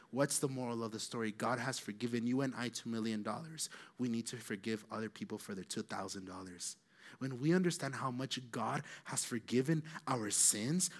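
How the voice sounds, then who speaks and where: A man preaching a sermon, telling the story with lively acted-out voices and swinging between loud and soft. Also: mid-range voice. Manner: animated storytelling, acting out quoted voices, rising loud then dropping soft.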